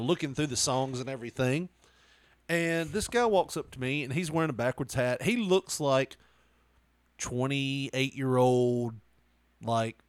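A man's voice: medium pitch, clear, resonant tone, no echo. A man telling a story in casual chat, laughing often and acting out quotes.

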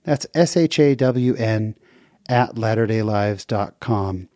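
Earnest guy from the western us telling a church story on his podcast, relaxed warm voice. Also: takes it slowly, no room sound, clean studio sound. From western United States. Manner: earnest, lively retelling with sudden pitch jumps. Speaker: podcast host. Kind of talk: casual faith storytelling podcast.

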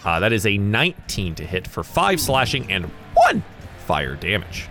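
A man from the American South narrating a tabletop game as game master, animated and chuckling between dice rolls. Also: fairly low pitch, moderate pace, faint music behind.

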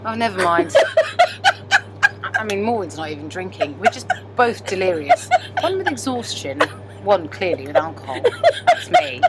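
A woman's voice: medium pitch, huge pitch swings, unhurried. Chatty self-mocking woman comic on a train. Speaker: podcast co-host and stand-up comedian. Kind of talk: casual chat. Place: moving train at night. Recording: background train noise.

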